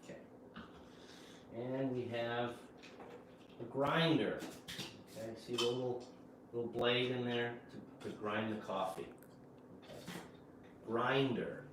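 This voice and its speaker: A man teaching English pronunciation in a home kitchen, slowly repeating each word in a drill. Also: medium pitch, fairly even intonation. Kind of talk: slow vocabulary drill lesson. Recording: echoey room, voice from a distance, faint hiss.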